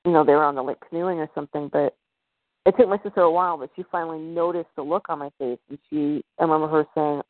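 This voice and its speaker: A woman's voice: low-pitched, fairly even intonation, fast talker, no room sound. A woman as a podcast guest, telling a personal story in a hesitant way, full of fillers and restarts. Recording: tinny phone-like line.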